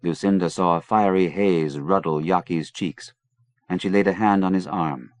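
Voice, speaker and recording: A man narrating an adventure novel in a measured, even storytelling manner. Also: low-pitched, dry recording. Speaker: audiobook narrator.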